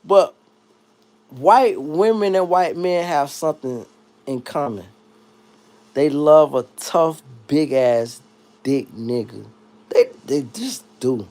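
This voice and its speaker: A man hosting a livestream, reading chat comments and riffing in a casual comedic rant that swings between loud high bursts and low mutters. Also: expressive, takes it slowly, pauses often.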